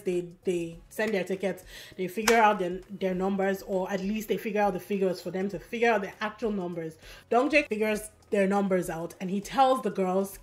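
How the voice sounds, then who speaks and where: A woman giving a casual, animated recap of a competition show, telling the story quickly with fillers and quick asides. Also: mid-range voice. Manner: animated, fast storytelling with fillers and acted quotes. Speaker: recap vlogger.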